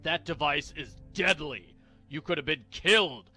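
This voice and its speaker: A man doing a gruff, furious old guard. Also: a little high, measured pace, soft background music, exaggerated voice. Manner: loud, shouting lectures. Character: gruff angry older male security guard.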